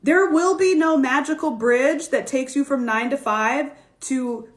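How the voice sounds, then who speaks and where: Her voice is high-pitched and measured, with a roomy sound. She's a fashion stylist and business coach speaking casually on a live stream from home, telling frank stories, laughing, and swearing now and then.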